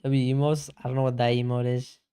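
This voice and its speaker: A young man streams games and chats casually with his viewers, reading their messages aloud in a laid-back way and saying "bro" a lot. His mid-range voice is brisk, dark, clear and resonant, with little pitch movement.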